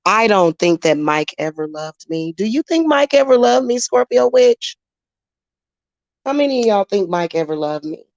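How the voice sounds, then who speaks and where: A woman's voice: mid-range voice, expressive, moderate pace, darkish tone, no echo. Blunt laughing woman, dry dull sound. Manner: blunt, laughs often, talks back to chat. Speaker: livestream host. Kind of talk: casual livestream chat.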